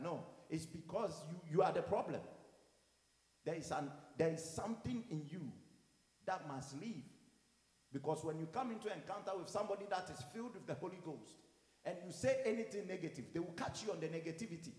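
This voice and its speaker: A man who is a pastor preaching a sermon, animated, going from quiet to loud and acting out what people say. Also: high-pitched, fast, reverberant, in a large hall. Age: adult with children. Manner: animated, swings from quiet to loud, acts out quotes.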